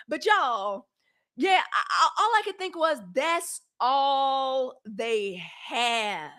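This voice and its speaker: A woman hosts a live stream in a loose, casual way. Her voice sits a little high, and she swings from loud, lively bursts to soft asides. She talks straight to her viewers. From Mississippi. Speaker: host.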